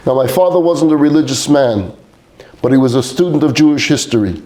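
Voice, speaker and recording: A rabbi preaching a sermon, telling a story from his own life with earnest care. His voice is warm and mellow, pitched at an average height. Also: normal speed.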